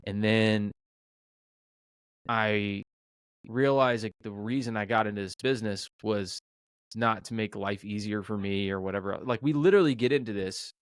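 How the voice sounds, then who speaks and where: A middle-aged man with a somewhat low voice tells a story in a relaxed interview and plays out each exchange with quick restarts and fillers. The sound is dry and close, with no room around it. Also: smooth, dry recording. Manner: animated storyteller, acts out quoted dialogue, many fillers and restarts. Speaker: restaurant owner, podcast guest.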